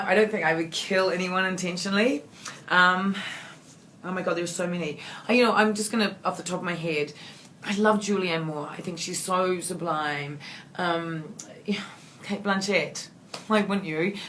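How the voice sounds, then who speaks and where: A woman's voice: on the low side, slight background noise. Chatty woman. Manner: rambling, warm and effusive, many fillers and restarts. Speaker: actress answering fan questions. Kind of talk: casual Q&A.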